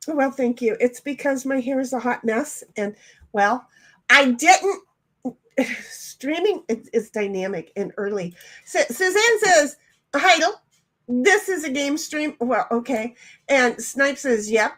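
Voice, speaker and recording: A woman's voice: fairly high pitch, lively intonation, unhurried. A woman hosting a game stream in casual chat, reading chat messages aloud in a bubbly, rambling way. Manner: bubbly, rambling, laughs often, loud greetings. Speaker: stream host.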